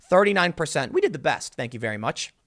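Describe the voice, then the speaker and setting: A man's voice: on the high side, wildly swooping pitch, fast talker, fairly bright tone. A man hosting political commentary, talking casually and mocking his targets with sarcasm.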